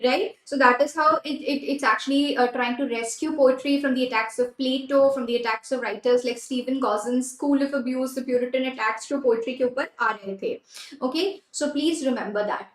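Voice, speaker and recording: High-voiced Indian woman teaching a class. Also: a little fast, echoey room, rough recording. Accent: Indian English. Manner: repeats key phrases, mixes Hindi and English, praises students by name. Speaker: exam prep teacher. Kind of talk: live online class lesson.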